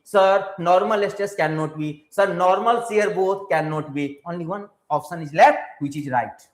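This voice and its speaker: A man with an Indian English accent teaching a live online exam-prep class. He switches between English and Hindi, repeats his points and keeps quizzing his viewers. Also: high voice. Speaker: engineering exam tutor. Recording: roomy echoey room.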